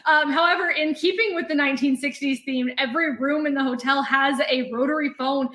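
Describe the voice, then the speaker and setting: High-voiced young woman in a roomy space. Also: fairly quick, pushed and bright. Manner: chatty, explains step by step. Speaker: podcast guest. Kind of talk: casual interview chat.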